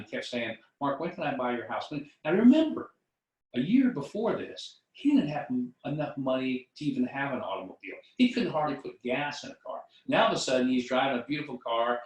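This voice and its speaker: A man's voice: medium pitch, a bit bright. A middle-aged man tells a motivational story and acts out both sides of the conversation. He sits back from the mic, and the room gives his voice a hollow echo. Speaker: motivational speaker. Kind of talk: storytelling talk on building wealth. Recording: echoey room from a distance.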